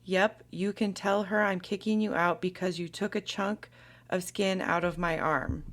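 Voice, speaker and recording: A woman's voice: on the low side, steady tone, measured pace, close to an everyday voice. A woman reading aloud the text messages of a hurt young woman accusing her partner, with little acting.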